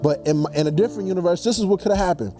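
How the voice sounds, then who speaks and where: A young man telling a movie story as a comedic rant, slangy and animated, slipping into quick character voices. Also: high-pitched, faint music behind. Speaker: comedy vlogger.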